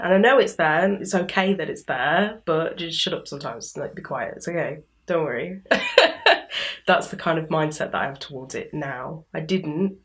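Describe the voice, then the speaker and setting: A young woman from England talks casually in an interview, her voice sitting a little low. She laughs often and slips into little acted-out quotes of her own thoughts. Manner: chatty, laughs often, animated quoting. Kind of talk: casual chat.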